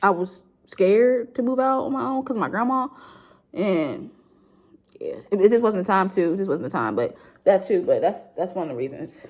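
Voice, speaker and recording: A woman's voice: mid-range voice, lively intonation, moderate pace, a little mellow. Young woman rambling through grief. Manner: rambling, heavy use of "like", blunt and profane. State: grieving, subdued. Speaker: YouTuber. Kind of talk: emotional storytime vlog.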